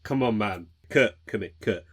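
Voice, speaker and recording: A man co-hosting a comedy podcast, riffing fast, laughing and stammering as he slips into silly voices. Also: fairly low pitch, fairly bright tone, husky. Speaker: podcast co-host. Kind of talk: casual comedic chat.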